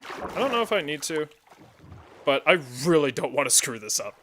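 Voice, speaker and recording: A man's voice: fairly high pitch, very animated, moderate pace, bright, forceful tone, a little hiss or hum. A man chatting casually while playing a building game, rambling through side stories with plenty of fillers. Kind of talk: casual gameplay chat.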